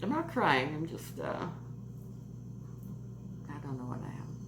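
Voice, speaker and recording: A woman's voice: low voice, very animated, measured pace. A woman vlogger chatting through a crochet mail unboxing, gushing and giggly. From Canada. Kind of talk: casual unboxing vlog. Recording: echoey room with noise.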